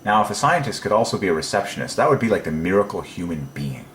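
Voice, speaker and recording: A man's voice: sits low, sing-song, fast, a bit bright, echoey room, slight background noise. A man giving a casual solo preaching talk, rambling and musing with frequent ums and chuckling to himself. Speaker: religious video presenter.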